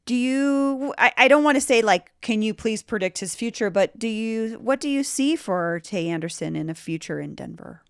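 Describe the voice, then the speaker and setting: A woman hosting a local news podcast, with a bubbly, animated delivery. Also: a little high, normal speed, hardly any pauses, smooth, no room sound, studio quality. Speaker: podcast host.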